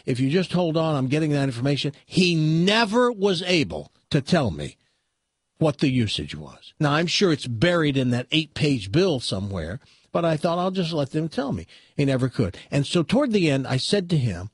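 A man, a talk show host, telling an exasperated story in a casual, animated way. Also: fairly high pitch, moderate pace, husky, no echo, clean studio sound.

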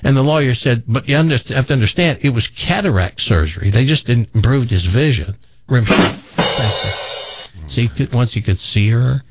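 A man's voice: mid-range voice, expressive, normal speed, muffled recording, heavy background noise. A man hosting a radio show, telling a long farm joke in a folksy way and switching voices for the characters. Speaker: radio host.

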